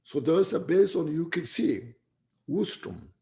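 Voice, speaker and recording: A man giving a Dharma talk as a Buddhist teacher, reflective and unhurried, often tagging his points with "you see" and "you know.". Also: a little high, big pitch swings, vocal fry, warm tone.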